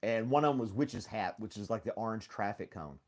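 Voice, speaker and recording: A man's voice: on the low side, expressive, fairly quick, darkish tone. A man hosting a casual live stream from home, rambling easily, laughing often and greeting viewers by name. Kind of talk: casual chat with live chat readers.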